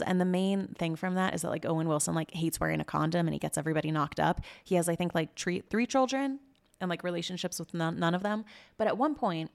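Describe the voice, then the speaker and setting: A woman's voice: on the low side, vocal fry. A woman hosting a podcast in casual, indignant and sarcastic commentary, swearing freely. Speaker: podcast host.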